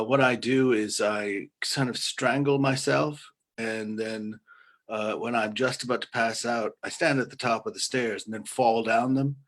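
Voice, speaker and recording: A man from Canada performing a deadpan, absurd comedy monologue over a video call, halting and full of uhs. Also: fairly low pitch. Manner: dry, halting delivery with many uhs. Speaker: comedian guest.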